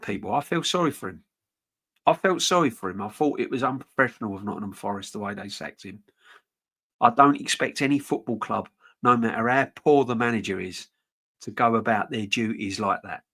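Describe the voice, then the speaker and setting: A man's voice: on the low side, fairly bright tone. Chatty man on a live stream. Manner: rambling, frank, chatty with restarts. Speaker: football channel host reading live chat. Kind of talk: casual live-stream chat.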